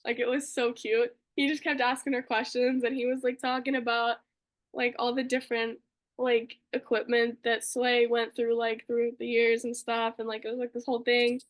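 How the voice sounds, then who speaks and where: Young woman, high voice, gushing, filler-heavy, casual podcast story. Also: little pitch movement, moderate pace. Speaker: podcast co-host.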